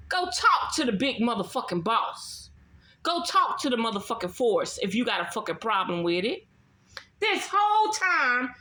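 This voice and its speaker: A woman's voice: a little high, bright, forceful tone. A woman ranting about astrology in a casual vlog, blunt and emphatic, swearing constantly and repeating herself. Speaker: astrology vlogger. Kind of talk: casual profane astrology rant. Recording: roomy echo.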